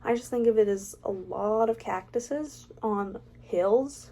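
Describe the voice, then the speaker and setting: A woman's voice: medium pitch, takes it slowly, hardly any pauses, dark tone. A young woman vlogging casually, reading out facts and adding chatty, opinionated, self-mocking asides. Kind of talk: casual ranking vlog, reading facts aloud.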